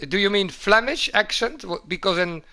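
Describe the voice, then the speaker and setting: Male streamer, high-pitched, halting and repetitive, casual chat. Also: lively intonation, bright, forceful tone. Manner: halting, repeats words, says man a lot.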